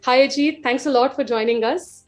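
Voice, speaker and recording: A woman hosting and politely introducing a panel, pausing with "uh". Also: high voice, soft background music. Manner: polite, scripted introductions with "uh" pauses. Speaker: event host.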